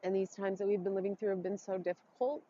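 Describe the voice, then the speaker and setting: A woman speaking a heartfelt, halting blessing and reflection outdoors, emotional and close to tears. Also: medium pitch, little pitch movement, mellow, highs cut off, slight background noise. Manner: heartfelt, tearful, halting with pauses. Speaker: vlogger doing an outdoor ritual. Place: forest, outdoors.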